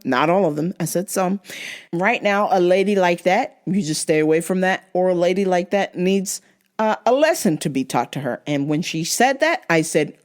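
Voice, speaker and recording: A woman hosting her own show, telling a story in a blunt, profane, casual rant. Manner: blunt and profane, big swings in pitch. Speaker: show host.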